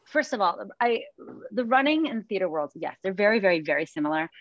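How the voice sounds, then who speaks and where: A woman running coach, chatting on a podcast, telling lively stories and often laughing. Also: mid-range voice, fairly quick, no room sound, highs cut off. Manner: chatty storyteller, laughs often, acts out quotes. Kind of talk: casual chat.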